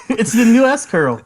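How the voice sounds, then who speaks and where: A man's voice: extremely high pitch, darkish tone. A man in his thirties co-hosting a podcast in casual chat, wry and joking, trading quips. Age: under 40. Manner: joking, wry, does mock voices. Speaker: podcast co-host.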